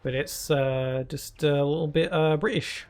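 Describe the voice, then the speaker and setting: A man's voice: on the high side, fairly even intonation, unhurried, smooth. A man streaming a video game, chatting casually and playfully with his viewers, full of filler words and restarts. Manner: chatty, playful, answers chat with many fillers. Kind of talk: casual live-stream chat. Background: game music.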